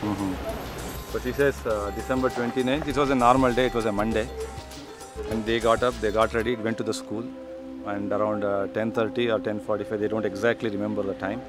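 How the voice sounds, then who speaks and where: A man interprets for a witness, speaking fast and matter-of-fact in a lowish voice. Music plays clearly behind him. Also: flat delivery. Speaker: local guide and interpreter. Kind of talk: translating an interview.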